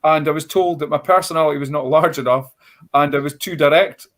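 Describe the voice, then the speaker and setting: A man's voice: on the high side, fairly even intonation, brisk, fairly bright tone. A Scottish man in his forties, a comedian telling a rambling, blunt, self-mocking story on a panel show. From Scotland. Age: 40s. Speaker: stand-up comedian.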